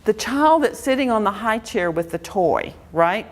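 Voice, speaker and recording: A woman's voice: medium pitch, lively intonation, moderate pace. A woman educator giving an interactive workshop lecture, quizzing her audience with a string of questions in a room before a live audience.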